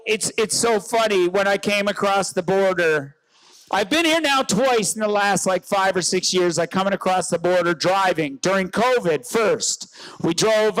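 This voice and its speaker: A comedian from rural Newfoundland doing loud, joking stand-up banter at an outdoor rally, often shouting to the crowd. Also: male voice, very high voice, no echo, rough recording.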